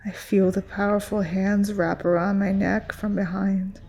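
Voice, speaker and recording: A woman narrating a first-person horror story in a tense, hushed, often whispered voice. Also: mid-range voice, little pitch movement, unhurried, vocal fry, hardly any pauses, soft background music.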